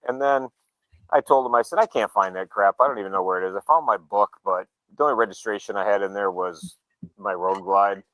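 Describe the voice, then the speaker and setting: Low-voiced man telling a road story. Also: fairly quick, no echo, low-quality recording. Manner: relaxed, acts out quoted dialogue. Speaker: show regular, motorcyclist. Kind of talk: casual storytelling chat.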